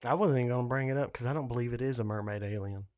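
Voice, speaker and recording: A man's voice: medium pitch, racing, a little mellow, dry recording, clean studio sound. A man, co-hosting a casual podcast chat and teasing dryly. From Southern United States. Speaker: podcast co-host.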